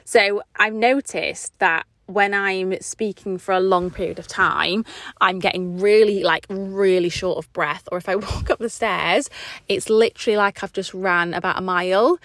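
A woman's voice: medium pitch, normal speed, a bit bright, no echo. A young woman hosting a podcast, chatting on and rambling with lots of fillers, a little short of breath. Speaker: podcast host. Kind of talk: casual solo podcast chat.

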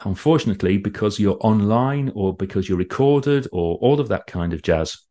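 A man coaching an online audience on presentation skills. His voice sits fairly low, but his delivery is animated and loose, with sudden jumps up in pitch for emphasis. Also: moderate pace. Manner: lively, animated, loose and conversational. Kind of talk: conference talk.

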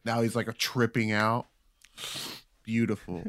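A man co-hosting a loose comedy podcast. He rambles through his points with halting restarts and casual swearing. His voice is recorded dry and close, with little room sound. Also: on the low side, fairly even intonation, vocal fry, fairly bright tone, dry recording. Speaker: podcast co-host.

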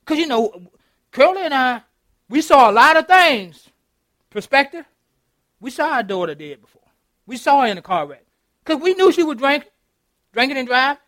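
A man's voice: extremely high pitch, moderate pace, long pauses, no echo, clean studio sound. A middle-aged man, preaching an interactive sermon as pastor, laughing often and calling out to his congregation. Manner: animated, laughing, calls out to the congregation. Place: church.

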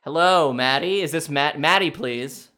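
A young man hosting a comedic quiz challenge, thinking out loud and swinging between excited shouts and low mutters. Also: unhurried. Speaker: quiz contestant and host.

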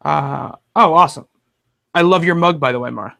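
A man with a slightly high voice hosts a relaxed comics chat. He rambles, restarting sentences and piling on fillers as he goes. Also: fairly quick, creaky. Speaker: podcast host. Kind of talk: casual chat about comics.

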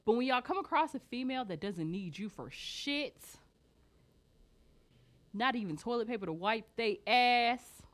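Brief: woman co-host, lively swooping pitch, blunt and profane, podcast rant. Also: a little slow. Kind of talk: casual chat.

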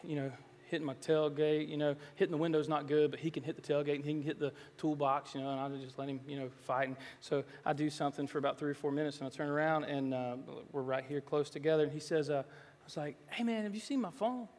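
A male pastor with a high, light voice delivers a sermon, moving from relaxed storytelling into swelling, emphatic appeals. His words ring out with the long reverb of a large church hall. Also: quick pace. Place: church sanctuary.

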